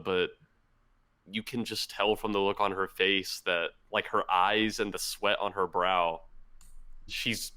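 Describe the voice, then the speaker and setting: A man co-hosting a podcast, excitedly retelling a manga story in casual chat with lots of fillers. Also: sits low, slow, clear, resonant tone. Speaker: podcast co-host.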